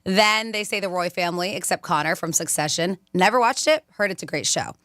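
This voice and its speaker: Bright-voiced chatty woman radio host. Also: fairly low pitch, brisk, dry recording, studio quality. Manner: chatty, animated, laughs often. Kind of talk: casual radio chat. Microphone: studio microphone.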